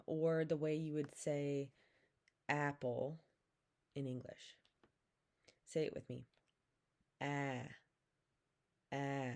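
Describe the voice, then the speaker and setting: A woman teaching a language lesson, saying each vowel slowly and repeating words for the listener to copy. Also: low voice, darkish tone. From Pacific Northwest, Coast Salish community. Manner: slow and careful, repeats each sound, drawn-out demonstrations. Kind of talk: slow, patient vowel lesson with call-and-repeat.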